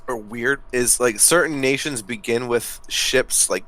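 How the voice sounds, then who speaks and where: A man's voice: medium pitch, a little slow, fairly bright tone, poor audio. A man giving casual, profane commentary while playing a strategy game with a friend. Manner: loose, profane, easily laughing. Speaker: let's play co-host.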